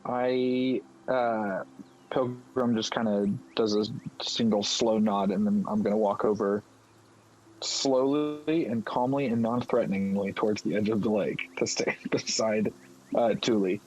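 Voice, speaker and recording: A man playing a tabletop game, calmly describing his character's slow movements. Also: lowish voice, a little hiss or hum, low-quality recording. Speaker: player.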